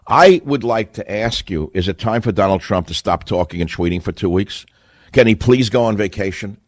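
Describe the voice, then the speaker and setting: A man's voice: fairly low pitch, moderate pace, no room sound. A man hosting a talk radio monologue, combative and sarcastic, speaking with heavy emphasis into a close studio mic. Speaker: radio talk show host.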